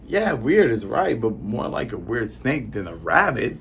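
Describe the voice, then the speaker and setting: A man's voice: medium pitch, very animated, a little slow, vocal fry, fairly bright tone, a little hiss or hum. A man casually recapping a comic chapter in a rambling, chatty way with many fillers. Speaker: comic reviewer.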